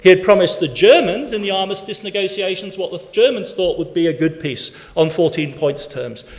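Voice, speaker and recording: High-voiced man lecturing in a reverberant hall. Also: normal speed. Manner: emphatic, building points in rhythmic lists. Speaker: keynote speaker. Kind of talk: academic lecture. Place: conference hall with an audience.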